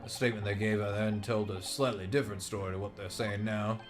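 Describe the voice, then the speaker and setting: A man voicing a gruff middle-aged police inspector who speaks in a low, deliberate voice. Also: flat delivery, faint music behind, close to an everyday voice.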